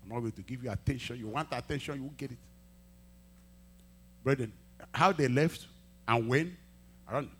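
A male pastor preaching a sermon, telling a testimony and acting out the dialogue, swinging from quiet asides to loud emphatic peaks. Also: medium pitch, normal speed, pauses often, breathy edge. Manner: acts out quoted dialogue in storytelling.

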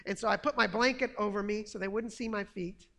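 A man telling a personal testimony story in an earnest, animated way. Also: sits high, a little fast, gravelly, big-room sound. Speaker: testimony speaker.

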